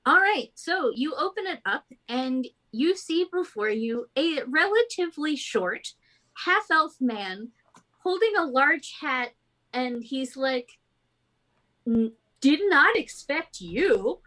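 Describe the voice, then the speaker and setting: A woman's voice: high-pitched, expressive, slow pace, pushed and bright, low-quality recording. A woman running a tabletop game as game master, narrating casually with lots of fillers.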